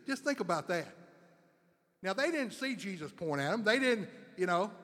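A man's voice: high-pitched, animated, a little fast, a bit bright, long reverb tail. A man preaching a sermon with fervent, repetitive emphasis, building phrases up again and again.

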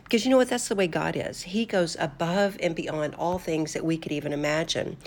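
Brief: older woman, low voice, heartfelt faith talk host, casual and earnest. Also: brisk, darkish tone. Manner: earnest and conversational, with fillers and restarts. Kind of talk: devotional talk to listeners.

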